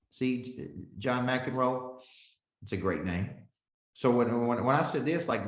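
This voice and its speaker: A business coach in his forties teaches a live webinar with lots of energy, calling on listeners by name and often checking in with "okay?". His voice is medium-pitched and a little slow, with a roomy sound.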